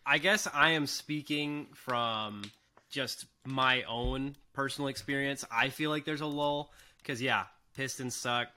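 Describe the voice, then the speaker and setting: A man hosting a casual sports podcast, opening with an upbeat, animated delivery and chatting with friends. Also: medium pitch, measured pace. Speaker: podcast host.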